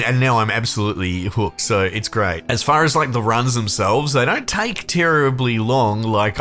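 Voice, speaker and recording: A man's voice: on the low side, a bit bright. A man giving a casual, enthusiastic game review, chatty with lots of fillers and restarts.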